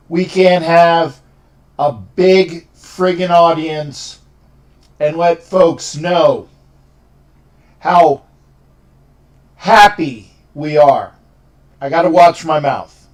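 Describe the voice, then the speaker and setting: A man's voice: on the high side, very slow, long pauses. A man hosting a fan call-in livestream, emotional and exuberant, often repeating himself. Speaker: show host.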